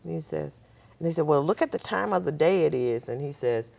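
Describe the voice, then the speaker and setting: A woman's voice: sits low, animated, brisk, gravelly, a little mellow. An older woman, a guest on a talk show, telling a personal story and acting out the voices of the people in it.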